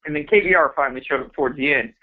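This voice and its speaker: A man co-hosting a radio show, telling a war story in a blunt, profane, deadpan way. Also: fairly high pitch, rapid-fire. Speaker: radio co-host. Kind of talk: casual chat. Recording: dull lo-fi radio show audio.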